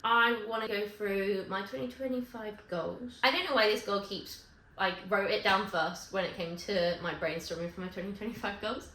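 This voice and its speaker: A woman vlogging to camera in casual chat, rambling and correcting herself with quick asides. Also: medium pitch, a bit bright, a little hiss or hum. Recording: echoey room with faint ambience.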